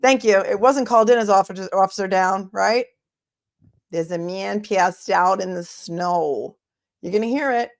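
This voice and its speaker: A middle-aged woman with a Boston accent talks casually into a desk mic, thanking viewers one by one and musing aloud. Her voice sits at an ordinary pitch with a gravelly, fry-tinged texture. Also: unhurried. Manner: chatty, warm thanks to viewers, thinks aloud. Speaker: attorney and trial commentary host. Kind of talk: casual livestream chat reading super chats.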